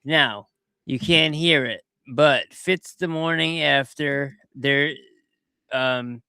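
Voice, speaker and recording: A man hosting a podcast, talking casually and in a rambling way as he comments over video clips, quick to get excited. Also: fairly high pitch, vocal fry, clean tone, dry recording. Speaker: podcast host.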